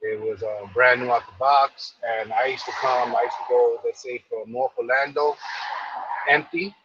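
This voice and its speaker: A man's voice: medium pitch, steady tone, moderate pace, highs cut off, background noise. A man from New York casually telling a long, rambling story, full of fillers and repeated phrases.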